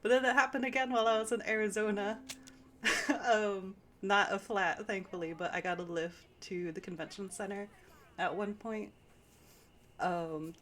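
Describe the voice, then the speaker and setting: A woman's voice: on the low side, low-quality recording. A woman game streamer chatting casually while she plays, rambling through stories with lots of fillers and easy laughs. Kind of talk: casual chat while playing. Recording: game sounds and hoofbeats loud underneath.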